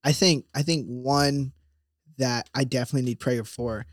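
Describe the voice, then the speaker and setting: A man in his twenties, a college senior guesting on a podcast, chatting eagerly with frequent laughs and quick reactions. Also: mid-range voice, fairly even intonation, no room sound, clean studio sound. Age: 20s. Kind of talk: casual chat.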